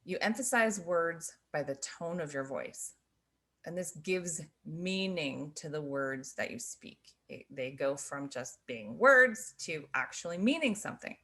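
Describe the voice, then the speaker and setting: Soft-spoken woman teacher with a gravelly edge. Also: sits low, lively intonation, measured pace. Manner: gentle, laughs softly between points. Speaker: sign language teacher. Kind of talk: explaining to learners on camera.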